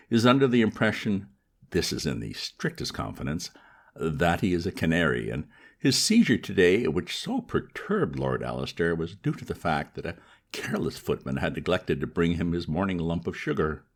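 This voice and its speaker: Guy doing a stuffy pompous old gent, rough low voice, bellows when riled. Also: sing-song, moderate pace, heavily acted. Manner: pompous and formal. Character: pompous indignant older gentleman, stern.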